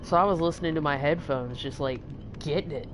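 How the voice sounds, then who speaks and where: A young Texan woman with a low-pitched voice talks fairly quickly over slight background noise. Hosting a livestream, she tells long, rambling stories full of fillers and swearing in casual chat.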